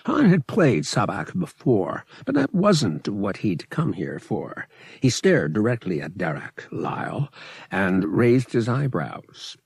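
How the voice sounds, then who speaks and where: A man reading an audiobook in an expressive, measured scripted narration. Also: on the low side, vocal fry, slightly rough, no room sound, studio quality.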